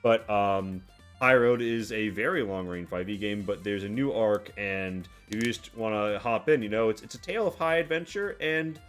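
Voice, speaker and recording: A man narrating a tabletop role-playing game as game master, telling the scene in a halting way with many fillers and restarts. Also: lowish voice, a bit bright, soft background music.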